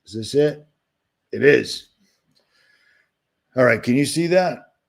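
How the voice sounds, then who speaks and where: A man's voice: medium pitch, expressive, takes it slowly, creaky. A man from Boston hosting a livestream, talking in a sarcastic, agitated, rambling rant while sharing his screen. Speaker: livestream host. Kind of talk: ranting livestream commentary.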